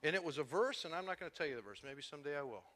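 A man preaching a sermon, telling his own testimony, dropping quiet then building to loud, impassioned peaks. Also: on the high side, lively intonation, rapid-fire, in a large hall. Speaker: pastor.

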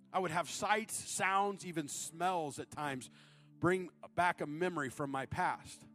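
A man in his thirties preaching a sermon, moving between loud, high-pitched appeals and low, confiding storytelling. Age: 30s. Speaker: guest preacher.

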